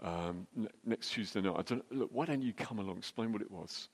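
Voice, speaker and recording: A middle-aged man telling a jokey, anecdotal story as a church speaker, with quick restarts. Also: fairly low pitch, husky. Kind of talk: storytelling sermon. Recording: long hall reverb.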